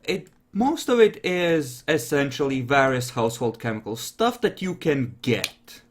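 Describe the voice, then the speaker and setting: A man's voice: medium pitch, sing-song, unhurried. A man running a tabletop role-playing game, explaining things with frequent fillers. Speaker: game master.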